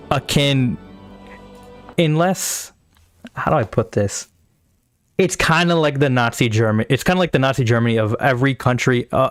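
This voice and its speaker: A man from South Asia streaming live, giving casual, rambling, profane reaction commentary while he thinks aloud. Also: medium pitch. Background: faint anthem music playing.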